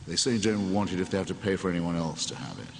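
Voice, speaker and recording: This deep, gravelly, darkish voice belongs to a man in his 60s who races along with great animation. He is an interview guest onstage before an audience, wry, sardonic, and digressive, recorded in an echoey hall with faint room noise.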